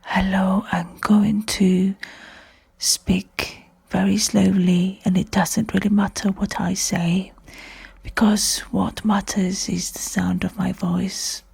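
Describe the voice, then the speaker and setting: Brief: a woman playing a soothing ASMR whisperer, whispered role-play, unhurried and very soft. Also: medium pitch, flat delivery, creaky, breathy edge, full character voice.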